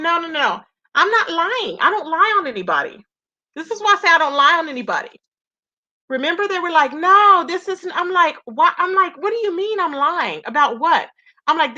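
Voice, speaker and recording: A woman's voice: high voice, sharp tone, muffled recording. A woman hosting a casual livestream about online drama. She chats freely and greets viewers by name. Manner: chatty, greets viewers by name, calls them "baby" and "y'all". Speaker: livestream commentary host. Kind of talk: casual livestream gossip commentary.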